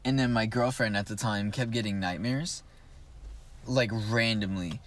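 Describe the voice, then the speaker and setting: A man's voice: lowish voice, a little slow, fairly bright tone, a little hiss or hum. Young adult male co-host, loose rambling storyteller, filler-heavy, profane. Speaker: podcast co-host. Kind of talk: casual storytelling among friends.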